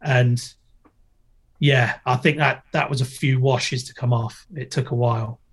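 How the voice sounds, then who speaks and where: A man's voice: medium pitch, fairly even intonation, measured pace, slightly rough. A middle-aged man, a former skateboarder and TV presenter, chatting as a podcast guest, joking and telling stories with plenty of swearing. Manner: jokey, storytelling, swears freely. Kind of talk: casual podcast interview.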